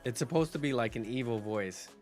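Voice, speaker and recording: A man's voice: mid-range voice, fairly quick, soft background music. A man streaming a game, chatting casually and rambling to his viewers. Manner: relaxed, rambling, with restarts and fillers.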